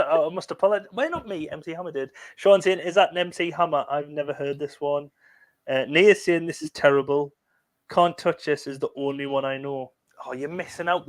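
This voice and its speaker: A man co-hosting a casual live stream, telling long, eager, rambling stories. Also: on the high side. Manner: enthusiastic, rambling storyteller. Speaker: co-host.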